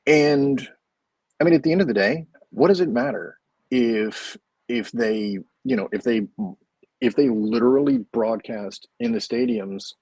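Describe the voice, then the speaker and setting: A man's voice: medium pitch, a little slow, darkish tone, slightly rough, dry recording. A man in casual football fan chat, blunt and casually swearing. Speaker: fan channel co-host.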